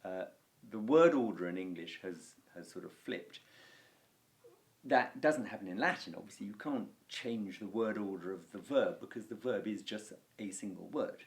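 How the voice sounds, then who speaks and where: A man teaching a Latin grammar lesson, explaining at an unhurried pace and slowing down to spell out example phrases. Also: lowish voice, lively intonation. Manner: unhurried, repeats words, slows for Latin examples. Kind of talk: relaxed spoken grammar lesson.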